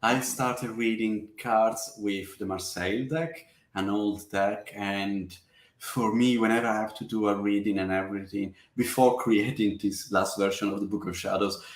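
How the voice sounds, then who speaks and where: A man from the Mediterranean region, a guest in a casual interview, speaking earnestly in halting, non-native phrasing. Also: on the low side, steady tone. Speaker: guest, tarot deck creator. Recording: echoey room.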